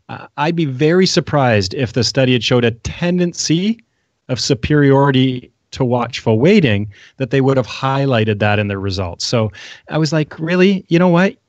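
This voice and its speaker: Man, wry and animated, medical panel talk, laughs a lot, dry close sound, dull lo-fi audio. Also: medium pitch, no echo. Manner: wry, animated, laughs often, quick asides. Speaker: physician panelist reviewing medical studies. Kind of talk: casual panel discussion.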